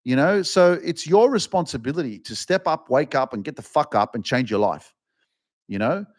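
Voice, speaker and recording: A man hosting a self-help podcast, delivering a blunt motivational monologue full of swearing that often climbs into an impassioned, higher-pitched rant. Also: lively intonation, moderate pace.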